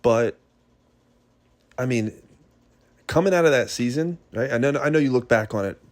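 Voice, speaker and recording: A man hosting a podcast who encourages his guest and reflects back on what was said. His phrases are loose and trail off. The recording is dry and close, with his voice at an ordinary middle pitch. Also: moderate pace, no echo. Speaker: podcast host. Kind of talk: casual podcast conversation.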